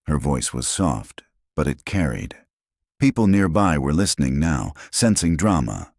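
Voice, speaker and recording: A man narrating a scripted drama story in a measured, dramatic way. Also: extremely low pitch, very animated, creaky, darkish tone, no echo, studio quality.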